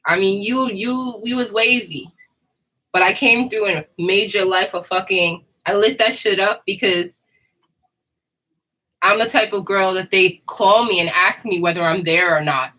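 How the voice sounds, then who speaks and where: A woman's voice: mid-range voice, normal speed, bright, forceful tone, low-quality recording. A woman, talking candidly to her viewers in a loose, slangy monologue full of laughs. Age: 30s. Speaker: vlogger. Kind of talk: casual monologue to camera.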